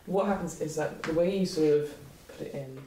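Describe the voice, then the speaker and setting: A woman running a tabletop game, describing scenes in a halting way with many fillers, in an echoey room far from the mic. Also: deep voice, warm tone, a little hiss or hum. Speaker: game master.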